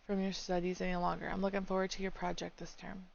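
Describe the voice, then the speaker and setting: A genial older male professor, courteous and unhurried, read by a woman in a low, gravelly voice. The recording sounds dull and lo-fi, like a home setup. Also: level tone, a little hiss or hum. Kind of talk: reading a visual novel aloud.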